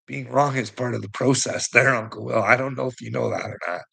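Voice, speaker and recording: A man's voice: mid-range voice, steady tone, a little fast, gravelly, bright, forceful tone, slightly rough, poor audio. A man giving rambling casual commentary to a viewer, chuckling often and swearing freely. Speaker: online commentator.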